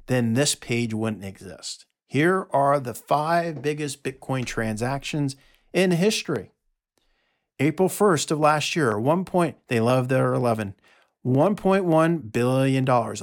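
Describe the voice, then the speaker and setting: A man with a gravelly, creaky voice delivers a solo monologue, reading from his notes. He is emphatic and sarcastic, stressing his points and tossing in quick asides. His pitch sits in an ordinary middle range. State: out of breath. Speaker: podcast host.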